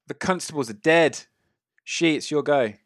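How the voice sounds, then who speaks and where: A man's voice: fairly high pitch, normal speed, dry recording, clean studio sound. A man narrating as game master of a tabletop game, describing gory action with relish and lots of fillers. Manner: gleeful, gory narration with frequent fillers and laughs.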